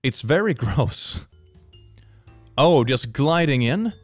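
A man's voice: mid-range voice, sing-song, slow pace, faint music behind. A man who is not a native English speaker, giving jokey, giggly commentary on memes as a streamer and often talking to himself. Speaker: meme reaction streamer. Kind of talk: casual reaction commentary.

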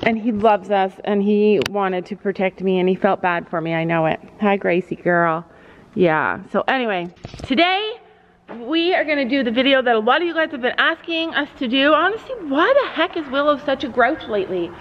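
A woman's voice: a little high, animated, fairly quick, a little hiss or hum. A middle-aged woman hosting a family vlog from a horse barn, telling a story dramatically and cooing at her horses between sentences. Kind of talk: casual chatty vlog storytelling. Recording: echoey, slightly dull, faint ambience.

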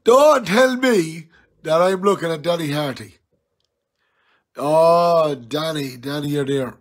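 A tipsy man with an Irish accent on a live stream, loudly teasing and challenging an old friend in rowdy banter. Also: a little high, slow. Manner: loud, jokey, challenging and teasing. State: tipsy from drinking.

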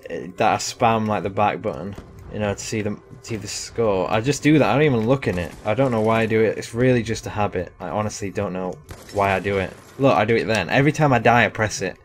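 A young man giving casual, rambling live commentary over a shooter game, chatty and self-deprecating. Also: fairly low pitch. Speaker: gaming commentator.

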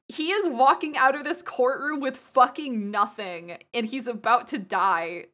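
A woman streaming a first playthrough of a game, reacting loudly and reading dialogue aloud, swearing and laughing often. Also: on the high side, unhurried, hardly any pauses.

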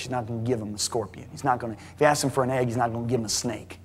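A man preaching a sermon to a congregation, emphatic and rising to near shouting at high points. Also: fairly even intonation, racing, faint music behind. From United States. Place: large church hall. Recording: live sermon in a reverberant hall.

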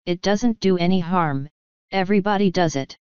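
A woman's voice: lowish voice, moderate pace, darkish tone, clear, resonant tone, no echo, lightly acted. A woman reading the part of a haughty upper-class older woman, speaking in an icy, imperious way. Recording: dull lo-fi sound.

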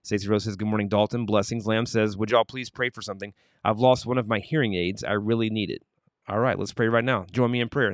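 A man's voice: fairly low pitch, steady tone, fast talker, no echo, clean studio sound. A man hosting a morning livestream, reading out viewer comments with upbeat greetings, then leading an earnest prayer. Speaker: livestream host. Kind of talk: morning show chat and prayer.

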